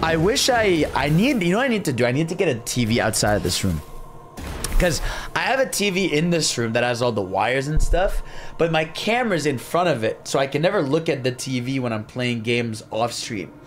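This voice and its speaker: A young man streams a game from his own room and talks the whole time in a lively, swooping voice. He rambles to his chat, hums little tunes and hypes himself up between moves. A faint background hum sits under his voice. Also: medium pitch, brisk. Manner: chatty, hyped, hums and cheers to himself. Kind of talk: casual gameplay commentary.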